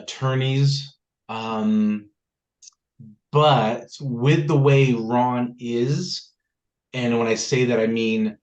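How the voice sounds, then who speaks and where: A man's voice: medium pitch, highs cut off. A man hosting a casual group discussion, telling jokey stories and asking for questions. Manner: joking storyteller. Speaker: notary meetup host.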